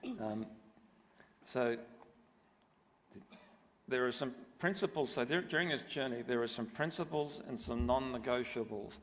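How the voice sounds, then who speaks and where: A middle-aged man sharing an earnest, measured testimony from a church stage. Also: medium pitch, fairly bright tone. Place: church auditorium. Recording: long reverb of a church hall.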